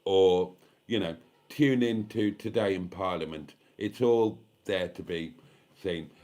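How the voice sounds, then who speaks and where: Slow and low-pitched with a darkish tone, a British man in his fifties chats casually while hosting a live stream, tired and slightly tipsy. He reads out viewer comments, swears occasionally and is chatty and self-deprecating.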